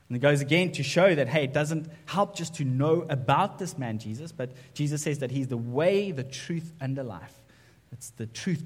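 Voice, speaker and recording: A man preaching a sermon in a conversational way, often checking in with "right?". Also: medium pitch. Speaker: pastor. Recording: long reverb of a hall.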